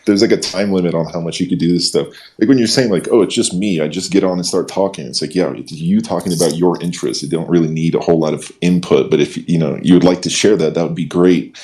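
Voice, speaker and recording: A man's voice: deep voice, fairly even intonation, fast, hardly any pauses, darkish tone. A man chatting casually in an online audio chat, speaking hesitantly and repeating his words.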